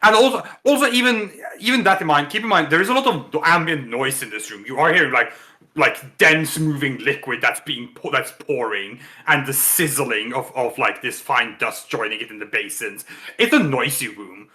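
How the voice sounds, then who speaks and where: A man's voice: medium pitch, expressive, moderate pace, pushed and bright. A man narrating a tabletop role-playing game as game master, chatty and full of filler words.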